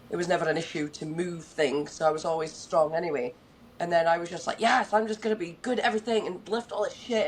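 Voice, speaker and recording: A woman's voice: low voice, a little hiss or hum, poor audio. A young adult woman hosting a podcast in casual chat, chatty and candid, swearing freely. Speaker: podcast host.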